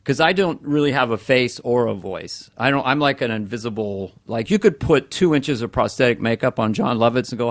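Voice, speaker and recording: A middle-aged man, a comedian guest in casual podcast chat, animated and slipping into voices. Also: brisk, hardly any pauses, no room sound. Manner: animated, jumps in pitch, slips into voices.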